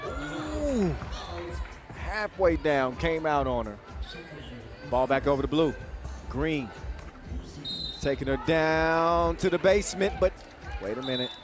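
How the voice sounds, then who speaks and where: Energetic male sports commentator, crowd behind. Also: on the high side. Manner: quick, energetic, joking play-by-play. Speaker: play-by-play commentator. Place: basketball event venue. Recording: broadcast mix with loud crowd and music.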